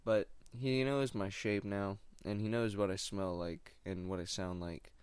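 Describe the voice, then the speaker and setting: Laid-back young man, low voice. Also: steady tone, a little slow, smooth, no echo. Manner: laid-back, meandering, slangy. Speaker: stand-up comic doing open mics. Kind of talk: casual rambling monologue.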